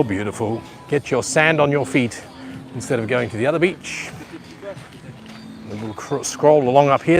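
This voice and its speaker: A man, giving rambling live walking-tour commentary at a beach resort and talking to viewers at home. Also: medium pitch. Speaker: livestream vlogger. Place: outdoor beach resort pool area. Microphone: handheld phone camera.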